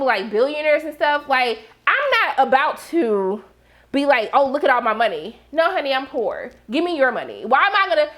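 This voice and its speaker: Sassy high-voiced woman recapping TV. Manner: animated, sassy, talks straight to viewers with slang. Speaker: TV recap host. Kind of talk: casual TV episode recap.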